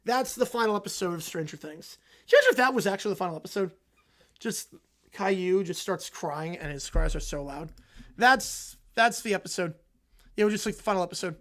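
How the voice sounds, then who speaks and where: A man's voice: high-pitched, expressive, brisk, fairly bright tone. A man hosting a livestream, chatting loosely, joking, and answering viewers' questions. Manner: rambling, joking, answers chat. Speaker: livestream host. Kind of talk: casual livestream chat.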